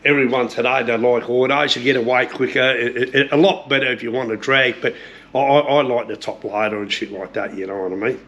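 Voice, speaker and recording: A man's voice: mid-range voice, steady tone, a little fast, a bit bright, highs cut off. A middle-aged man with an Australian accent, chatting casually about cars, swearing freely and often repeating himself. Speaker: car restorer showing his shed. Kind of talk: casual chat. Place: home shed.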